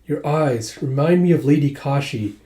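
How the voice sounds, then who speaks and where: A composed noble lady, calm and measured, with a dark, mellow tone, as a man reads her lines aloud. The voice echoes a little in a roomy space. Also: a little high, natural voice. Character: composed noblewoman, mother of a lord. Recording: echoey room.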